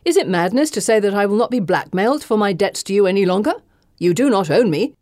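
A woman doing a blustering old gentleman. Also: high-pitched, lively intonation, fast, no echo, studio quality. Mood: indignant. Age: older. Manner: indignant, blustering. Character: older gentleman, indignant, in debt.

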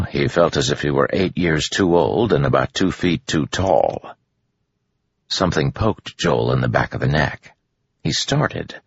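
A man reads a novel aloud in measured, even narration. His voice is extremely deep with a gravelly, husky edge. The recording sounds dull and lo-fi. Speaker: audiobook narrator. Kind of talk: scripted narration. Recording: dull lo-fi audio.

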